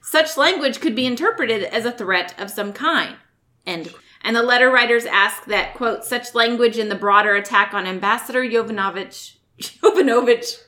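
A woman's voice: on the high side, moderate pace, bright, forceful tone. A woman co-hosting a podcast, reading out news quotes with joking asides and the odd swear word. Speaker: podcast co-host. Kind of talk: casual news recap chat.

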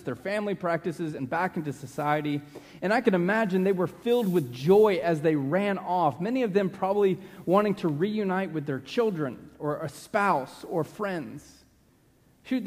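A man preaching a sermon as pastor, earnest, slowing down and dropping to a hush to stress a point. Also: fairly high pitch. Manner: earnest, slows down and drops to a hush for emphasis. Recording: long reverb of a large hall.

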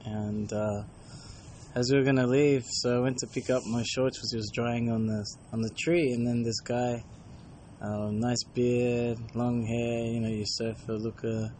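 Man, traveling monk, casual storytelling, mellow warm voice. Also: medium pitch, flat delivery, measured pace, a little hiss or hum. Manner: chatty, acts out dialogue in anecdotes.

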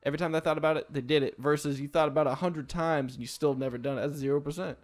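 A man co-hosting a casual podcast chat, animated and rambling, with many restarts. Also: fairly high pitch, very fast. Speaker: podcast co-host, streamer.

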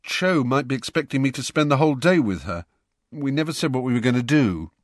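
A man reading aloud voices a frustrated teenage schoolboy who speaks in a flat, irritable way. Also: medium pitch, fairly quick, dry recording, clean studio sound, pitched above the performer's own voice, close to an everyday voice. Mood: unsure.

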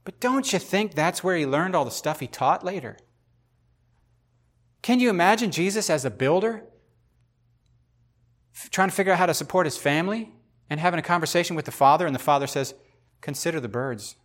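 Animated man in casual devotional talk. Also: high-pitched, fairly quick, pauses often. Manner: animated, speculative, repeats himself for emphasis. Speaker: podcast host.

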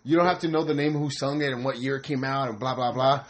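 A man co-hosting a casual podcast. He talks loudly, swears a lot, laughs often and mimics other people. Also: medium pitch, fairly even intonation, quick pace, low-quality recording. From United States. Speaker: podcast co-host.

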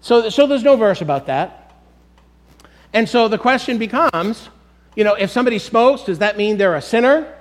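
A man's voice: high voice, lively intonation, normal speed. A middle-aged male pastor preaching a sermon, emphatic and direct, often calling the congregation "folks".

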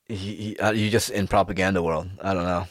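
A man's voice: low-pitched, a little fast, no room sound, clean studio sound. A man ranting in a casual monologue, swearing freely and firing off rhetorical questions. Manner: animated, profane, rhetorical questions.

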